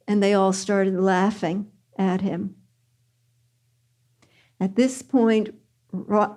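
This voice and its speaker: An older woman, a spiritual teacher, answering questions at a retreat. She tells stories gently and earnestly and repeats phrases for emphasis. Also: mid-range voice. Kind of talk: spiritual Q&A talk with storytelling.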